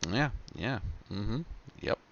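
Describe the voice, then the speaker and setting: A man roleplaying a lawyer in a game, joking, swearing freely and telling stories with lively swings. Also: on the low side, takes it slowly, creaky, muffled recording, background noise. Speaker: roleplayer playing a lawyer character. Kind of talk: in-character roleplay chat.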